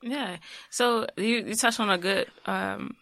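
Gravelly, bright-voiced male podcast host. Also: high voice, slow. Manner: relaxed, trailing fillers like "like". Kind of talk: casual interview chat.

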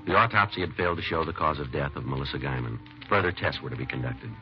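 A very deep clipped police detective. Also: male voice, fast, faint music behind. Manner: clipped, flat, matter-of-fact. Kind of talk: old radio crime drama narration. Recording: dull lo-fi old radio recording.

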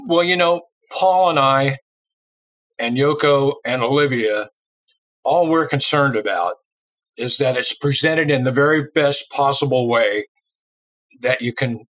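A man's voice: medium pitch, unhurried, long pauses, fairly bright tone, dry recording, lightly acted, low-quality recording. A man quoting a famous, modest aging rock drummer in an easygoing, offhand way while telling a story. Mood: earnest.

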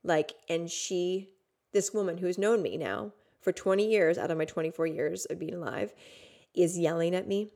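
A woman in her thirties speaks a personal monologue for her podcast. Her voice sits a little low. She tells it in an intimate, unpolished way, full of "like," and drops to a hush before rising loud again. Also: moderate pace. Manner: raw, intimate, with frequent "like" and sudden swings from hushed to loud. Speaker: podcast host.

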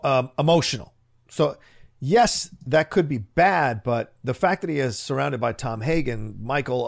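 Guy cohosting a movie podcast, bouncy pitch, kinda gravelly, rambles. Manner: animated, rambling, quick to laugh. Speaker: film podcast co-host. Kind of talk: casual film discussion.

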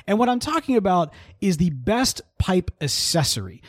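Male podcast co-host, fairly high voice, very animated delivery, dry close sound, playful and quick to laugh. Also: dry recording. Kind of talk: casual chat.

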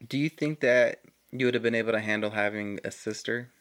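A young man from Denver, chatting casually as a co-host, relaxed, cursing freely and laughing often. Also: fairly low pitch, a little fast. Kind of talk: casual chat.

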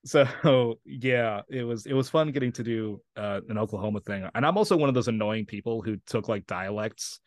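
A man's voice: medium pitch, moderate pace, hardly any pauses, no room sound. A young man from New Mexico, an actor guest talking casually in an interview, rambling with lots of fillers and frequent laughs. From Santa Fe, New Mexico.

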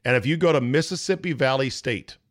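A man's voice: mid-range voice, brisk. Brash, profane man riffing on sports. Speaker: sports talk show host. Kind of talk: casual sports talk.

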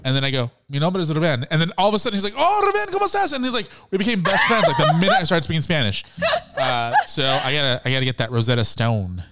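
A man's voice: a little high, lively intonation, quick pace, fairly bright tone, a little hiss or hum. A man co-hosting a casual chat podcast, telling jokey stories in a playful way. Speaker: podcast co-host.

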